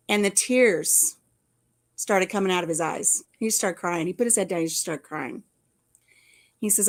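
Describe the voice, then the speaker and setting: A chatty middle-aged woman hosts a casual livestream, telling stories from her working life. She acts out the quoted lines and laughs often, at an everyday mid pitch. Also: moderate pace. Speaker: host. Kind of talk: casual livestream chat, storytelling.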